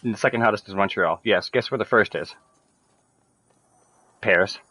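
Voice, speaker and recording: A man's voice: fairly low pitch, normal speed, sharp tone, husky, dry recording. A man chatting casually while playing a video game, rambling with lots of fillers and swearing freely. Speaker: gamer streaming to friends.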